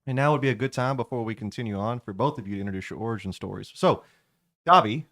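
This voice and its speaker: A man acting as game master, narrating a tabletop game in a lively, casual way. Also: on the low side, fast talker, no room sound, clean studio sound.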